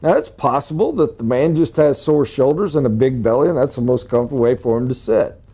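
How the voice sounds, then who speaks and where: A middle-aged man giving a live sales training lecture, emphatic and animated, jumping up in pitch to stress points. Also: fairly quick, husky.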